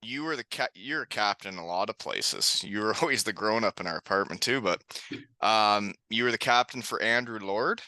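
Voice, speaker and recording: A man hosting a casual podcast chat, animated and laughing often. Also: lowish voice, moderate pace, no room sound. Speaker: podcast host.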